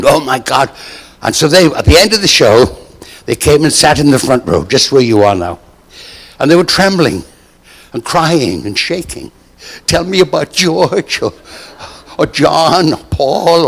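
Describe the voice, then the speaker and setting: A man's voice: fairly high pitch, long reverb tail. Older man telling stage anecdotes. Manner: theatrical, acts out quoted voices. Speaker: storyteller on stage. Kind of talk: anecdote told to a live audience.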